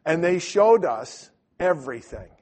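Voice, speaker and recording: An older man telling a story casually, rambling and animated, with lots of restarts. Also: fairly high pitch, measured pace.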